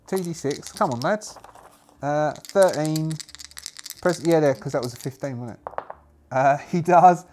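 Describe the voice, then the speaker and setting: A man narrating a solo tabletop game, thinking aloud and rambling with many fillers. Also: on the high side.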